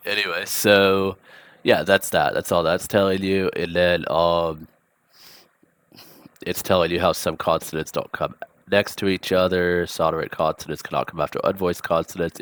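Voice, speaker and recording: A man giving a relaxed vocabulary and grammar lesson, thinking aloud with frequent ums and asides. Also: low voice, dry recording. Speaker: language teacher.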